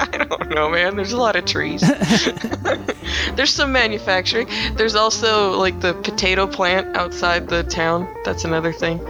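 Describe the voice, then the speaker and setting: A young woman from Minnesota chatting as a guest on a podcast, her voice gravelly with fry. She breaks into laughter often and leaves sentences unfinished. Music plays clearly behind her. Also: mid-range voice, a little slow. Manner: laughs often, trails off and restarts. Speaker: podcast guest, radio worker. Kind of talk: casual interview chat.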